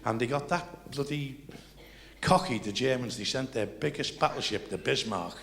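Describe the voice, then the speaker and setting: A man's voice: mid-range voice, normal speed, fairly bright tone. An older man telling rambling stories to a live audience, chatty and full of restarts. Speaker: comedian. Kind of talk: live stand-up storytelling.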